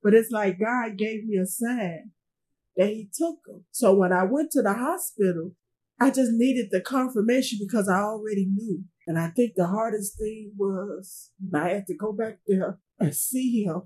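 A middle-aged woman, a grieving mother, recounting a painful loss in a halting way, repeating herself and trailing off. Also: mid-range voice, darkish tone, husky, rough recording. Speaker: grieving mother being interviewed. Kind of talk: emotional personal recounting.

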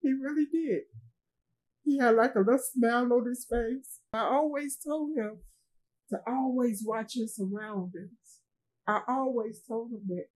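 A woman being interviewed as a grieving mother, speaking in a halting way, repeating herself and quoting others, with speech. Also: a little high, darkish tone, poor audio. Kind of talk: emotional personal testimony.

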